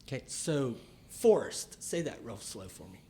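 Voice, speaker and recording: A man who works as a chiropractor and author, talking through ideas in a casual podcast conversation, slow and deliberate, with pauses and fillers. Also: mid-range voice, sing-song, mellow, slight background noise.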